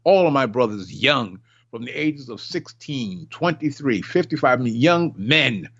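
Older male preacher, impassioned sermon, emphatic, repetitive, mid-pitched voice, dull lo-fi recording. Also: animated, unhurried, a bit bright, breathy edge.

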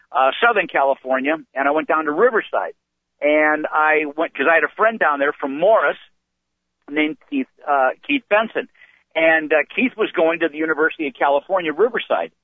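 An older man tells long, rambling stories with an animated, slightly high voice. His voice is dry and close, squeezed through a tinny phone line. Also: no room sound. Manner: rambling, animated storytelling with restarts. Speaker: comedian guest. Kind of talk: anecdotal storytelling. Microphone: phone call.

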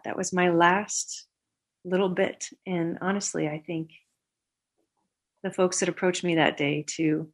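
A woman guest on a talk show, telling a personal story with lively voices for the people she quotes. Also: fairly low pitch.

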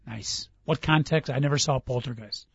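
A man's voice: mid-range voice, normal speed, creaky, slightly rough, no echo. Man, radio talk host, upbeat, quizzing, dry dull studio audio. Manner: upbeat quizzing, reads lines aloud, laughs easily. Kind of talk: casual radio chat.

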